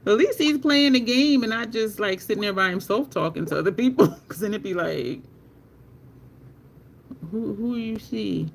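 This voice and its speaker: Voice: mid-range voice, fairly quick, few pauses, slight background noise. A beauty live-streamer in casual, chatty talk with viewers while swatching makeup, laughing often.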